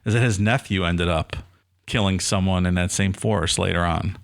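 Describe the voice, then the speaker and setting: A man's voice: deep voice, fairly even intonation, normal speed, gravelly. A man co-hosting a podcast in casual chat, sarcastic and playful. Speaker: podcast co-host.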